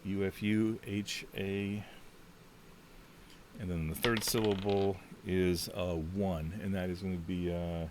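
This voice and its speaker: A man casually talking through a solo tabletop game, thinking out loud and rambling with lots of fillers. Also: sits low, flat delivery, slow, a little hiss or hum.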